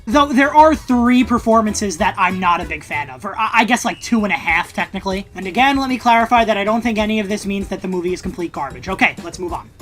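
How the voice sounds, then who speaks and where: A woman reviewing a movie in a scripted video essay, casual and wry, with sarcastic asides and the odd swear word. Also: medium pitch. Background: faint background music.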